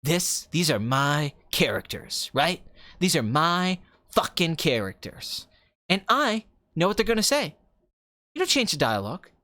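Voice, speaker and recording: A man does a comedic impression of a brash, self-loving film director, ranting fast in a preachy mood and swearing in every line. Fully in character, his voice leaps in pitch, jumping from hushed, calm musing to wild excitement. The sound is dry and close, with no room sound.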